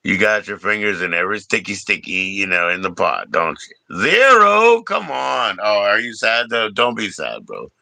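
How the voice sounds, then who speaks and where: A man's voice: fairly low pitch, lively intonation, normal speed, vocal fry, hardly any pauses, sharp tone, no echo. A man hosting a livestream in casual chat, joking, teasing and swearing freely. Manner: joking, profane, teasing banter. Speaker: livestream host.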